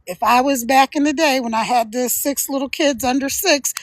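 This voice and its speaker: Chatty high-voiced woman streamer. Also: moderate pace, dry recording. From Philadelphia, USA. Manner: chatty, laughs often, encouraging. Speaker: live streamer. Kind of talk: casual livestream chat.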